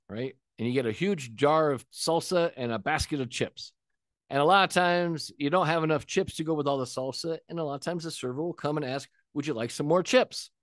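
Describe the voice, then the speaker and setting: Blunt, animated man on restaurant service. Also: mid-range voice, no room sound, studio quality. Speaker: restaurant consultant. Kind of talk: business talk with stories.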